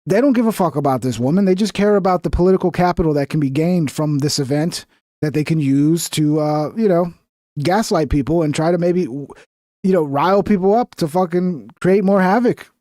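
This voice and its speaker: A man's voice: a little high, fairly quick, dark tone, no room sound, clean studio sound. A man hosting a livestream, talking in a blunt, profane, rambling way. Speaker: livestream host. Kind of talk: casual livestream commentary.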